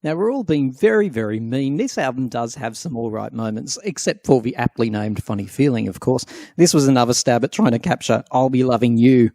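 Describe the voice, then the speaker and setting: A man's voice: mid-range voice, lively intonation, brisk, hardly any pauses, warm tone, no room sound. A man hosting a podcast, chatting casually and teasing his co-hosts in a playful way. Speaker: podcast host. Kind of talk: casual chat.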